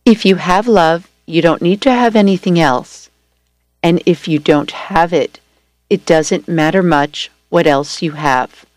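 A woman reading a first-person story aloud at a steady, gentle storytelling pace. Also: on the low side, unhurried, no room sound. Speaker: story reader.

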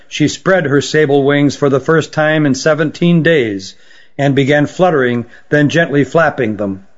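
A man narrating an audiobook story at a steady, even storytelling pace. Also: fairly high pitch. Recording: dull lo-fi recording.

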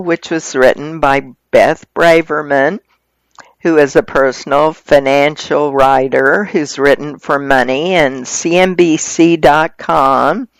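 A reader reading magazine articles aloud in a steady, measured way. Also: mid-range voice, no room sound.

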